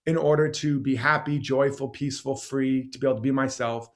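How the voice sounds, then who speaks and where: A man's voice: mid-range voice, steady tone, fairly quick. A man being interviewed as a guest teacher, talking passionately and rambling through stories and examples. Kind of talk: conversational interview.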